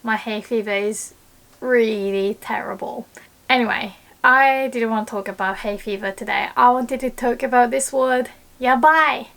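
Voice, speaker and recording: A woman's voice: on the high side, normal speed, vocal fry, fairly bright tone. A young woman with a Japanese accent, a native Japanese speaker, teaching a casual video lesson and acting out panicked little exclamations.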